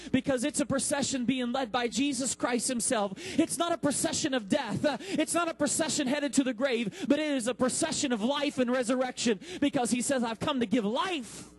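A man in his thirties preaching a sermon as pastor, with dramatic pauses and acted-out quotes. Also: very high-pitched, rough recording. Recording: mains hum.

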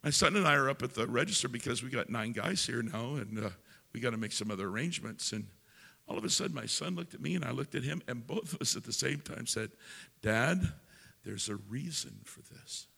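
An older man, a pastor, telling a story during a sermon in a folksy way, building into loud preaching. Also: medium pitch, expressive, quick pace, gravelly, husky, long reverb tail.

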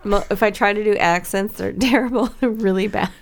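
A woman's voice: mid-range voice, brisk. A woman co-hosting a podcast in casual chat, curious and chatty, asking lots of questions. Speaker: podcast co-host.

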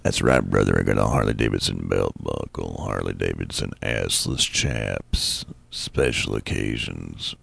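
A man voicing a gruff male biker, very deep and slow, boasting about his gear. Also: a bit bright, dry recording, exaggerated voice. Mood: boastful.

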